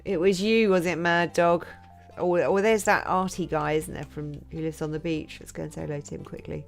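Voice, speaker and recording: A woman's voice: deep voice, fairly even intonation, fairly quick, creaky, faint music behind. A woman chatting casually and laughing as she streams a cosy farming game. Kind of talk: cosy game livestream chat.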